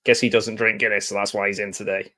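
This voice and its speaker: A man's voice: on the low side, fast. Chatty man doing live reaction commentary. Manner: chatty, jokey, excitable reactions with laughs. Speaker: commentary host.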